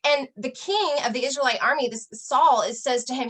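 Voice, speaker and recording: A woman's voice: high voice, expressive, a little fast, hardly any pauses, a bit bright, breathy edge. A middle-aged woman, a health coach, giving a motivational talk and telling a story earnestly, with emphatic repetition.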